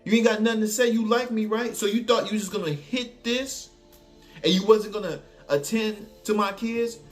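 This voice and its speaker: A man's voice: on the high side, moderate pace, faint music behind, natural voice. A man doing a pushy, demanding young woman. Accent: New Orleans. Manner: pushy, repeats herself insistently.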